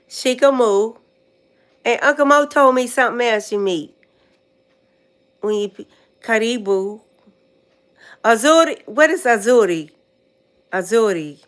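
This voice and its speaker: An older American woman vlogger talks in a relaxed, chatty way on a casual livestream. Her voice is of ordinary middle pitch, and she repeats words again and again as she recalls them.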